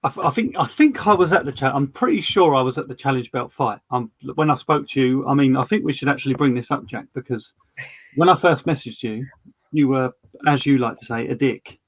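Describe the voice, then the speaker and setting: A man's voice: mid-range voice, brisk, dull audio. A man hosting a podcast, chatting casually and telling stories full of quoted dialogue. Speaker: podcast host.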